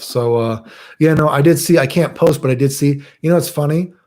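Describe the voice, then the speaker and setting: A man's voice: medium pitch, mellow. A young man chatting casually as a streamer answering chat, crude and rambling, swearing a lot.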